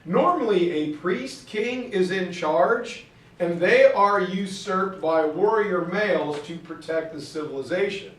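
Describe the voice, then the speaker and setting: Higher-pitched male teacher, jokey lecture style, distant classroom audio. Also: measured pace. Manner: jokey, animated storyteller. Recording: echoey classroom from far off.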